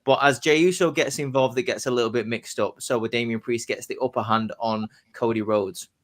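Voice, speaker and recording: A man on a casual podcast, telling his predicted wrestling storyline like excited play-by-play. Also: mid-range voice, a little fast. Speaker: podcast host.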